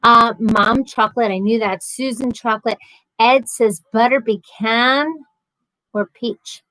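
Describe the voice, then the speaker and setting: A woman's voice: fairly high pitch, fairly even intonation, measured pace, fairly bright tone, dry recording, low-quality recording. A woman hosting a casual livestream, chatting and reading viewer comments aloud with a sarcastic, chatty manner. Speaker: livestream host.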